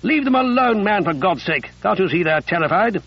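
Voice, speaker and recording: A man voicing a brisk army captain who gives curt, raised orders, with a gravelly voice. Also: a little high, recorded from a distance, muffled recording. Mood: commanding.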